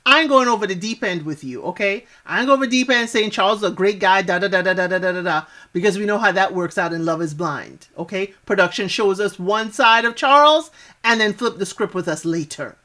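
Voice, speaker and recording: A woman's voice: mid-range voice, a little fast, sharp tone. A woman giving a casual spoken recap of a reality show, chatty and sassy, talking back to the people on screen with lots of asides.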